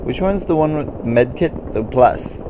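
A man's voice: a little high, lively intonation, measured pace, noisy background. Brief: a man doing live gameplay commentary. Confused and frustrated, with faint gunfire behind him. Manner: confused, frustrated muttering, says "dude" a lot. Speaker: gamer.

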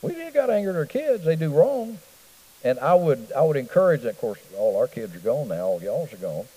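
Preacher guy, middle-aged, chatty bible study talk, warm mellow voice, lots of up and down. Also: fairly high pitch, big pitch swings, fairly quick, slightly rough, in a large hall, rough recording. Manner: conversational, folksy, asks the room questions. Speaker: pastor. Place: church hall.

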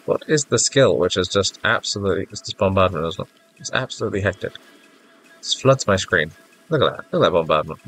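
Low-voiced stuffy gamer man rambling. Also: gravelly, fairly bright tone. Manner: rambling, self-mocking, easily flustered. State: congested, stuffy-nosed. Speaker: gaming YouTuber. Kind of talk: casual gameplay commentary. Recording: faint game music behind.

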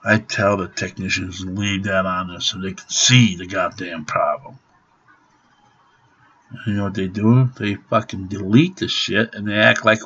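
A middle-aged man rants to the camera, swearing and grumbling as he goes. His voice is somewhat low and husky, and he talks at a slow, dragging pace. The recording sounds dull and lo-fi. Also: fairly even intonation, a bit bright. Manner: profane, ranting, grumbling. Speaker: vlogger. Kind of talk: angry rant to camera.

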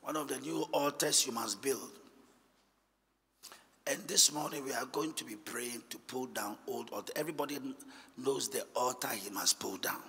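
A male pastor, preaching a sermon in a church hall and swinging from hushed low asides to shouted, sing-song preaching. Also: breathy edge. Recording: long echoing church hall reverb.

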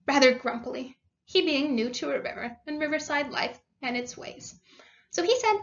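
Woman teacher, high voice, reads a story aloud, stops to explain words, dull lo-fi sound. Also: moderate pace. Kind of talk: read-aloud lesson.

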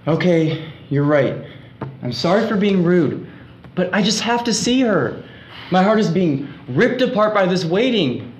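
A man acting out a heartsick young traveler, begging and melodramatic, in a high, strained voice. The voice rings in an echoey room. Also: very animated, a little slow, slight background noise. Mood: resigned. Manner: melodramatic, pleading. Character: lovesick young man pleading at airline gate. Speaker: student actor.

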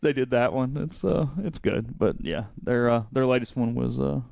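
Man, sports podcast co-host, anecdote-teller, dry studio sound, mid pitch. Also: normal speed, gravelly, no echo, lo-fi sound. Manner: animated storyteller, chuckling. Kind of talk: casual sports talk.

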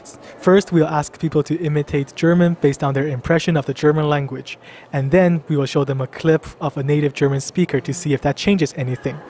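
A man's voice: on the high side, steady tone, brisk, hardly any pauses, a little mellow, a little hiss or hum. A man hosting a street interview vlog, explaining plainly and asking passers-by questions outdoors in a city. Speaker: host.

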